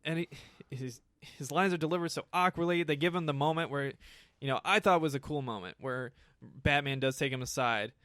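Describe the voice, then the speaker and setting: A man's voice: a little high, a little fast, fairly bright tone, no echo, studio quality. Profane ranting man reviewing a film. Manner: profane, ranting, laughs often. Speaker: movie review host. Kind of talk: casual film review chat.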